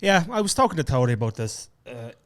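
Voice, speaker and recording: A man's voice: mid-range voice, sing-song, fast. Irish man, casual and swearing. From Ireland. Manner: loose, profane storytelling. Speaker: podcast co-host. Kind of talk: casual chat.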